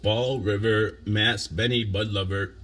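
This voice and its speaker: A man's voice: lowish voice, steady tone, unhurried, a bit bright. A man hosting a casual livestream, chatting loosely and thinking aloud as he reads viewer comments, with frequent chuckles.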